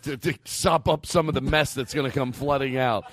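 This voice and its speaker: A man's voice: mid-range voice, fairly even intonation, brisk, fairly bright tone. A man hosting a casual comedy podcast, playfully teasing and questioning his guest. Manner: playful, teasing, laughing interviewer.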